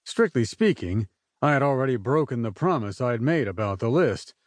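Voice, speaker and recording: A man narrating a first-person audiobook in an unhurried, measured way. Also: mid-range voice, big pitch swings, dry recording.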